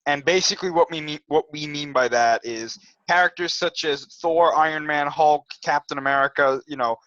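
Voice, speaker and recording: Bright-voiced man co-hosting, dull dry sound. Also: a little high, no echo. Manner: measured, reads out an article, hedges with fillers. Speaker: podcast co-host. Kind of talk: casual chat.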